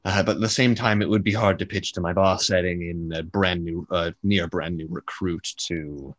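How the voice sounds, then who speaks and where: A man's voice: low voice, fairly even intonation, moderate pace, fairly bright tone, no room sound, muffled recording. A man voicing a young, sullen and tired official as game master in a tabletop game. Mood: weary. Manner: weary, dry, reluctant.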